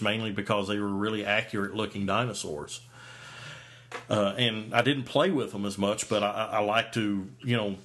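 A man in his forties hosts a podcast and talks in a casual, rambling way, full of fillers and restarts. His voice sits a little low. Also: fairly bright tone. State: hiccups. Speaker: podcast host. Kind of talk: casual chat.

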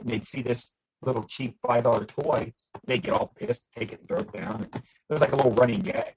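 A man on a podcast panel, telling casual stories with lively acted-out quotes. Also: medium pitch, a little fast, dull audio, a little hiss or hum. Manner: animated storyteller, acts out quotes. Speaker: podcast panelist, toy dealer. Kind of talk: casual storytelling chat.

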